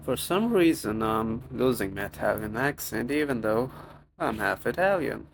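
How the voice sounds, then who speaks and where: Over a noisy background, a man narrates his cooking vlog with a medium-pitched, gravelly, expressive voice at normal speed. He speaks English with a non-native accent, keeping the voice-over chatty and poking fun at himself.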